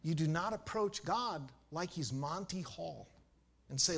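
A man preaching a sermon in a church, telling stories with dramatic swings in pitch and volume. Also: animated, measured pace, creaky, fairly bright tone, husky.

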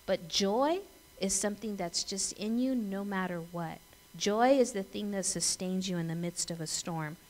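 A woman's voice: mid-range voice, normal speed, darkish tone, poor audio. A middle-aged woman pastor giving a conversational sermon, telling stories, laughing and asking her congregation questions. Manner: chatty storytelling, asks the congregation questions.

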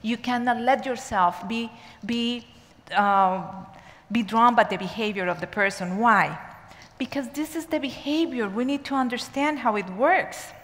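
A woman giving a sermon in a church, telling a story earnestly and with emphasis, sometimes rushing and sometimes slowing down. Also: on the high side, fairly bright tone. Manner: earnest, emphatic storyteller, pace shifting between rushed and slow. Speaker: church speaker. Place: church sanctuary. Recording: long church hall reverb.

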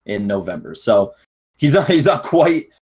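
A man's voice: mid-range voice, big pitch swings, measured pace, a little mellow, husky. A young man co-hosting an esports podcast, laid-back and joking, reading out chat and giving match rundowns. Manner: laid-back, laughing, bro-talk. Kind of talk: casual chat.

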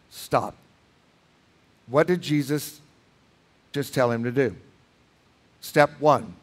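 A pastor preaching in a church, emphatic, with dramatic swings between loud lines and hushed ones. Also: male voice, mid-range voice, slow pace, pauses often. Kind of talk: sermon. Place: church sanctuary.

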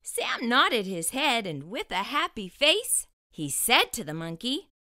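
Lady reading a kids picture book out loud, slow, bright, bouncy voice. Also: a little high, no echo, studio quality. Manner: slow, expressive rhyming narration. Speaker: storyteller. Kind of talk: children's storybook read-aloud.

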